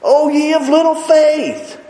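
A man voicing a stern, impatient male teacher who scolds loudly and with exasperation. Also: extremely high pitch, takes it slowly, pitched above the performer's own voice. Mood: exasperated. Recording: echoey hall.

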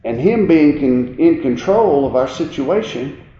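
Slow, mellow-voiced man preaching. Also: on the high side, expressive, a little hiss or hum. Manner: swings from quiet reflection to raised, emphatic preaching. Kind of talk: sermon. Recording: dull, roomy sound with faint ambience.

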